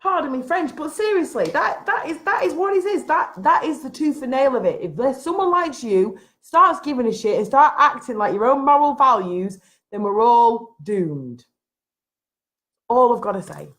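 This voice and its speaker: A high-pitched woman vents straight to camera in a vlog from home. She sounds frustrated and emphatic, circling back to the same points again and again. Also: expressive, moderate pace, fairly bright tone. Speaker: vlogger. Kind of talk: impassioned rant to camera. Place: at home, having just got out of bed.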